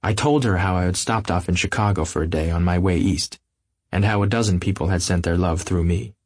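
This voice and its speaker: A man narrating an audiobook in a measured, literary first-person reading. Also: low voice, a little mellow, slightly rough, no room sound, clean studio sound. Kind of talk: scripted narration.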